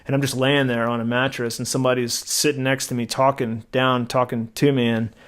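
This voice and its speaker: A middle-aged man co-hosting a podcast, telling a personal story in a rambling, animated way, acting out quotes, with frequent restarts. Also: mid-range voice, a little fast. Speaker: podcast co-host. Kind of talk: casual conversational storytelling.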